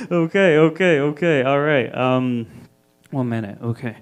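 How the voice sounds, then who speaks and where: A man from Egypt working through a stand-up set on a club stage. His voice sits at an ordinary middle pitch. He talks in a loose, crude, chatty way and keeps checking in with the crowd. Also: measured pace, clean tone. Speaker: stand-up comic. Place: live comedy club stage.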